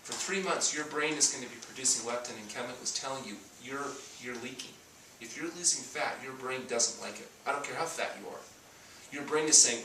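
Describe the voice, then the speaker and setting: Brisk and sharp-toned at a medium pitch, this man is a doctor lecturing an audience on fasting. His talk is built from stories in which he voices each character's lines. A distant microphone in an echoey room picks up some faint background noise.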